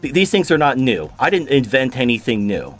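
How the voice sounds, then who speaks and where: A man's voice: mid-range voice, very animated, brisk, soft background music. A man hosting a video, delivering an angry, profane rant of commentary in furious bursts. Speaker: video host reacting to a clip.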